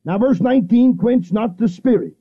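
Middle-aged male radio evangelist, high voice, emphatic repetitive delivery, muffled vintage broadcast quality. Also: husky. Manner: fervent, repetitive preaching with emphatic pauses. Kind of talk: radio sermon. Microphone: studio microphone, seated.

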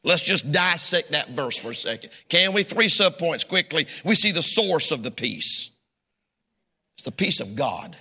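A preacher delivers his sermon in a high, sharply bright voice. He swings his pitch all over the place and punches out shouted lines. A long reverb from the church sanctuary trails behind him. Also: expressive, normal speed, few pauses. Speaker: pastor.

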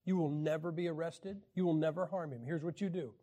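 A man teaching a Bible class in a wry, joking lecture style, often clearing his throat. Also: on the high side, fairly even intonation, a little fast, dark tone.

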